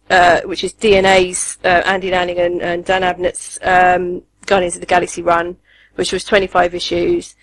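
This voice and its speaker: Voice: medium pitch, a bit bright, poor audio. A podcast co-host, chatting casually and eagerly, with many ums and restarts. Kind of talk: casual chat reviewing comics.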